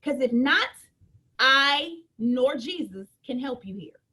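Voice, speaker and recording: A woman's voice: high-pitched, animated, slow pace, pushed and bright, slightly rough. A woman giving an emphatic, joking business training talk, repeating her points and preaching to her team.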